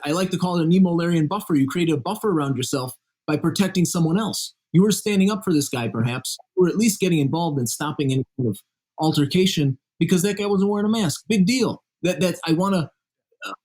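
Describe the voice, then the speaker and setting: Guest author, male, slightly high and husky, earnest explainer. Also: darkish tone. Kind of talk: conversational interview.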